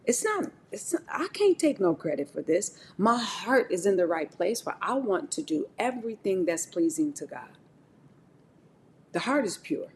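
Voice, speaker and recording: A middle-aged woman talking on a live stream, giving an animated, preachy motivational talk about faith and speaking straight to her chat. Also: mid-range voice, a little hiss or hum.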